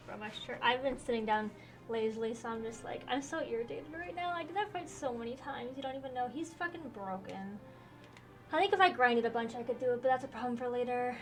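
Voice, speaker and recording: A woman's voice: fairly high pitch, lively intonation, brisk, recorded from a distance, soft background music. A young woman streamer giving casual gameplay commentary, swearing freely and saying "like" often. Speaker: gaming streamer.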